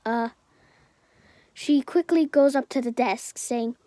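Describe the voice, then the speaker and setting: A woman's voice: sits high, slow pace, mellow, no echo. A woman improvising a fan-fiction story aloud, hesitant and full of fillers and self-corrections.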